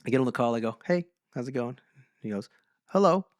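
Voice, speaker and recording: A man co-hosting a podcast, telling stories in a casual chat and slowing down for emphasis. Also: mid-range voice, dry recording, studio quality. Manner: animated storyteller, slows for emphasis. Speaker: podcast co-host.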